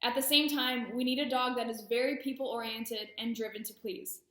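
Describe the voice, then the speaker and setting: A woman's voice: a little high, fairly even intonation, normal speed, fairly bright tone, reverberant. A woman service dog training instructor explaining training methods with friendly, self-deprecating asides. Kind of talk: instructional talk.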